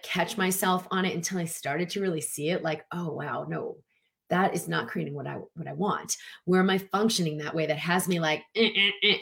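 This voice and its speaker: A woman coach giving a casual, animated motivational talk, acting out little quotes and filling with "like". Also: lowish voice. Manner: animated, chatty, lots of "like" and acted-out quotes. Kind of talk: motivational talk to an online audience.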